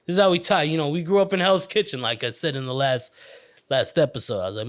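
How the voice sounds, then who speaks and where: A man hosting a podcast, telling a childhood story in a rambling, profane, animated way. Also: medium pitch, quick pace. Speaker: podcast host. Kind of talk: casual storytelling monologue.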